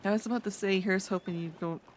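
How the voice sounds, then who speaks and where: A woman streamer roleplaying a chatty artist in a game, friendly and quick to laugh. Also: mid-range voice, steady tone, a little hiss or hum. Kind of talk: in-character roleplay chat.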